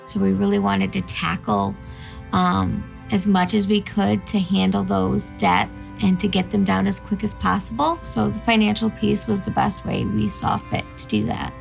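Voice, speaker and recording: A woman with a strongly gravelly, creaky voice and a very flat pitch. She gives a testimonial in a hesitant way, pausing often with "um"s. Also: soft background music. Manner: hesitant, with frequent "um"s. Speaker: interviewee sharing her story. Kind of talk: testimonial interview.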